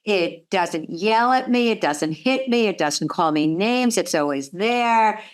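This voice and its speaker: A woman speaking slowly and earnestly in a reflective conversation, thinking aloud about her own experience. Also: mid-range voice, expressive. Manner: slow, earnest, self-reflective.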